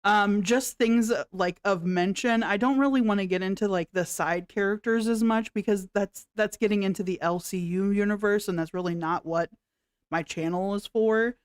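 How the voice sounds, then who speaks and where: A woman's voice: mid-range voice, normal speed, clear, resonant tone, no room sound, clean studio sound. A woman hosting a livestream, giving sarcastic reaction commentary with frequent laughs and swearing.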